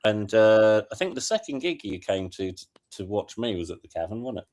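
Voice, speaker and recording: A man's voice: fairly low pitch, sing-song, a little fast, a little mellow. A man chatting as a guest on a group video call, friendly and hesitant, often restarting his sentences. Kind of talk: casual group chat.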